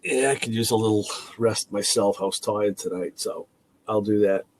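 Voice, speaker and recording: A man hosting a casual talk show, telling animated stories and acting out conversations. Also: fairly low pitch, normal speed, a little hiss or hum. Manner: animated storyteller, acts out quoted exchanges. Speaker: host. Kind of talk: casual chat about cars.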